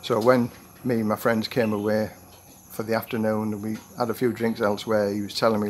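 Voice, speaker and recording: A man's voice: on the low side, little pitch movement, fairly quick, slight background noise. A retired man in his sixties telling a rambling personal anecdote to camera, full of restarts and acted-out quotes. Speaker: vlogger. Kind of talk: storytelling monologue.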